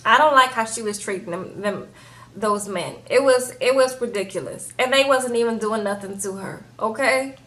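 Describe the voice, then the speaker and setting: A woman reviewing a reality show in a casual, animated chat, often tagging lines with "okay?" and "baby". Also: a little high, normal speed.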